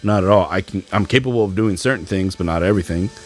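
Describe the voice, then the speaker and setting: A young man with a low voice talks fast as he hosts a podcast alone, venting his frustration and mocking things other people have said. Faint music plays in the background of this solo rant.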